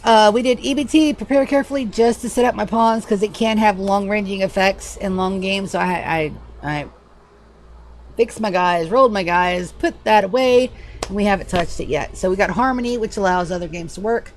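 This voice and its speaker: A woman's voice: medium pitch, normal speed. A woman livestreamer talks loosely to her viewers at a desk microphone, swearing freely and bouncing between topics. Her voice sits in a middle register, with a faint hiss and room sound behind it. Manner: chatty, profane, animated, yawning. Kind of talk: casual gaming livestream chat.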